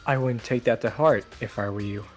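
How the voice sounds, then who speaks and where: A man reading game dialogue aloud in a casual co-op playthrough, chatty and quick to laugh. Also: medium pitch, soft background music. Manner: chatty, rambling, laughs a lot. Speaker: co-player.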